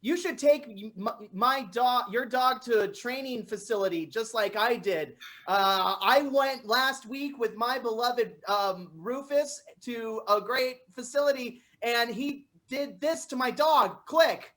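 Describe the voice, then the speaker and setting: In an improv comedy scene, a young woman plays an excitable dog-park visitor fussing over her own dog. Her high voice moves slowly with few pauses, and she's animated, repeatedly breaking into sudden shouts.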